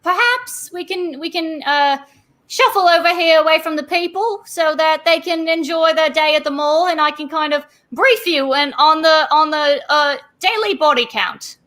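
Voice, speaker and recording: A woman doing a jittery dwarf mall cop. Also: moderate pace. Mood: nervous. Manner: fretful, rambling, high and loud. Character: sweaty balding dwarf mall cop, nervous and jumpy.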